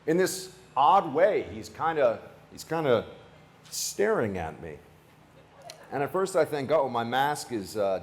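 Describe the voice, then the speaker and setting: A man, a radio host, giving a political rally speech with a joking, anecdotal storytelling manner. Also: medium pitch.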